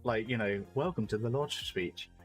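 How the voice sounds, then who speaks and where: A man's voice: lowish voice, moderate pace. Guy hosting a dev stream, teasing banter, faint music underneath. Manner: chatty, teasing, laughs often. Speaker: streamer host.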